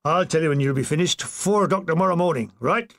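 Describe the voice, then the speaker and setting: A blustering army sergeant, gruff and bossy, barking orders at his men, as a man puts him on. He pushes his voice up high and loud when he loses patience. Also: quick pace. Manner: barking, exasperated.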